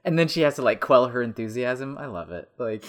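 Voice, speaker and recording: A man co-hosting a casual movie commentary podcast, rambling and laughing often as he talks. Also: mid-range voice. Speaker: podcast co-host.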